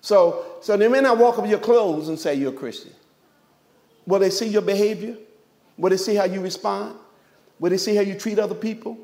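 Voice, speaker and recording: A man with a notably high voice preaches to his congregation. He speaks with emphatic energy, firing off rhetorical questions and slipping in joking asides along the way. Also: moderate pace, a little mellow. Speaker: pastor. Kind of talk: sermon.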